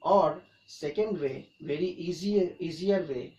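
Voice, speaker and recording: This male grammar teacher explains English points a little slowly, restating them emphatically and restarting often. His fairly high voice has a darkish tone, captured from a distance in an echoey room with faint background noise.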